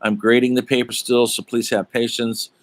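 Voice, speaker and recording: A man's voice: medium pitch, little pitch movement, normal speed. A middle-aged man teaching an online college humanities class in a loose, chatty way, with lots of fillers and side stories. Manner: rambling, chatty, many fillers and asides. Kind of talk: casual online lecture.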